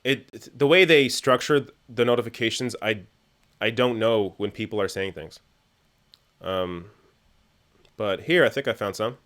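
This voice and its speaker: A man's voice: on the low side, measured pace, pauses often, fairly bright tone. A young man from Canada hosting a casual livestream, answering viewer questions in a chatty way, often laughing and trailing off into fillers. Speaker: livestream host answering chat. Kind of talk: casual live Q&A chat.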